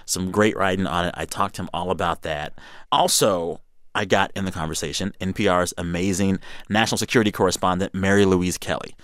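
A man's voice: sits low, fairly quick, clear, resonant tone, dry recording, clean studio sound. A man hosting a casual news podcast, reading quotes aloud and joking with his co-hosts. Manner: animated, playful, reads quotes aloud. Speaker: podcast host.

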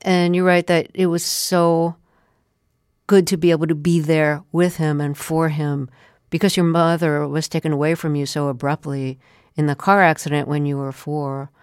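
A woman interviewer with a very low, smooth voice, recorded close and dry in a studio. She recaps carefully, then asks her questions in a measured way. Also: little pitch movement, no echo. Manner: careful, recapping before asking. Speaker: radio interview host.

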